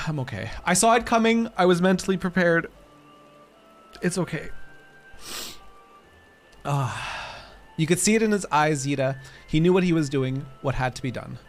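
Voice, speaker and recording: A man's voice: a little high, very animated, a little slow, pauses often. Male game streamer, raised voice, emotional and joking, faint music underneath. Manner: emotional, rambling, swearing, joking to chat. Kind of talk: casual live-stream reaction.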